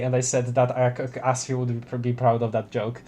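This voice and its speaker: A man's voice: medium pitch, flat delivery, fairly quick, few pauses, warm tone. A man streaming a video game, chatting playfully, laughing often and stumbling over his words. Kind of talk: let's play commentary.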